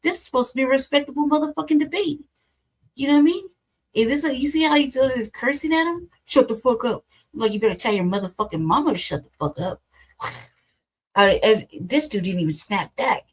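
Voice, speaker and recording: A woman's voice: high voice, expressive, brisk, rough recording. A woman host with African American English, giving blunt, profane commentary as she reacts to a debate clip. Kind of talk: casual commentary.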